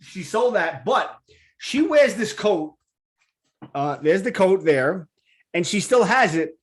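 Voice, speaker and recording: A man's voice: sits high, big pitch swings, slow. A man hosting a talk show, chatting eagerly with a guest and rambling with repeated words. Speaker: radio show host. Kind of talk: enthusiastic casual interview.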